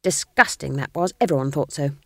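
A woman reading the part of a stern, proud old female witch, speaking flatly with clipped, cutting lines. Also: low voice, a little fast, gravelly, no echo, studio quality, full character voice. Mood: scornful.

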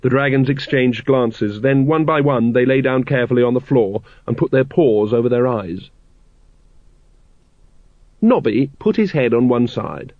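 A man's voice: mid-range voice, lively intonation, a little slow, dry recording. A man narrating a comic fantasy audiobook in a dry, wry storytelling manner. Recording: slightly muffled dry recording.

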